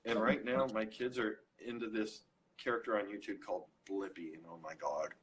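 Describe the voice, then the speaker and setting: A man chatting as a guest on a live video interview, telling funny stories in an animated way. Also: fairly low pitch, normal speed, poor audio. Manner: animated storyteller, self-deprecating jokes. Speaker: interview guest, recipe creator. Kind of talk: casual chat on a live stream. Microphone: phone or computer mic on a video call.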